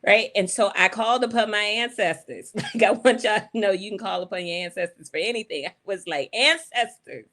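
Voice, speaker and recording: A woman telling personal stories in an animated, folksy way, often laughing as she talks. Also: mid-range voice, a little fast, hardly any pauses. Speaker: panel speaker. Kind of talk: personal storytelling.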